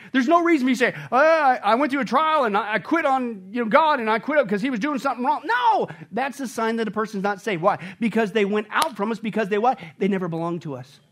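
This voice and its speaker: A man preaching as a pastor, emphatic, with rhetorical questions to the congregation and chuckles between points. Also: extremely high pitch. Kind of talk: sermon.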